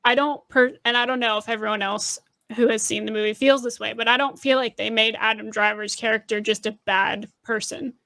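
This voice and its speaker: A woman's voice: fairly high pitch, steady tone, a little fast, creaky, hardly any pauses, sharp tone. A woman in a casual panel discussion, earnest and agreeable, weighing her views carefully.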